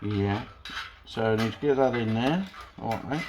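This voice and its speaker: Against a noisy background, a garage vlogger with a lowish voice speaks at a moderate pace. He mutters to his work as he welds a pickup, chatting casually to the camera.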